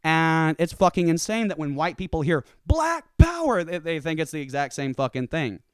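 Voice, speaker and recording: A man delivers a casual, profane ranting monologue, acting out every voice in his stories. His slightly high pitch jumps around as he gets worked up, and he speaks at a normal speed. His smooth, clear voice is recorded close and dry, with no room echo.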